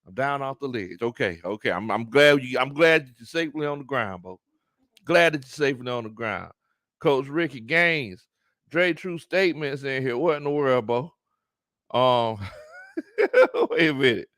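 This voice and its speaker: A man hosting a live sports talk stream, animated, laughing often and greeting his chat. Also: medium pitch, moderate pace, dry recording, clean studio sound. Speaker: sports talk show host.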